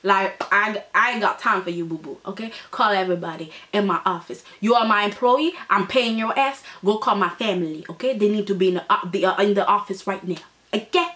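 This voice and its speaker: A furious older patriarch , as a woman puts him on, dresses down his family in a voice dropped low. He scolds in short bursts and keeps punching in "okay?". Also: brisk, a bit bright, lightly acted. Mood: scolding. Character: angry older man, a stern family patriarch.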